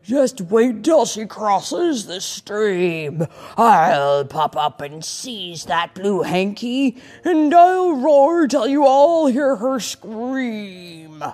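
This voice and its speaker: A woman voicing a big, boastful male troll from a storybook, roaring loud and slow. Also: mid-range voice, sing-song, voice pushed up.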